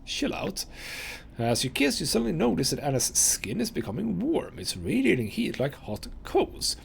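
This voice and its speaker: A man's voice: on the high side, wildly swooping pitch, normal speed, gravelly, slight background noise. A man hosting a let's play, chatting casually and reading game text aloud into a desk microphone.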